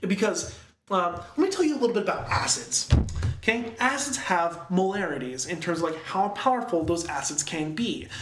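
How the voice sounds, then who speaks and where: A man's voice: high-pitched, moderate pace, slight background noise. Rambling, chatty man in an echoey room. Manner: rambling, filler-heavy storytelling with animated quoted voices. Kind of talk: casual chat recapping a film.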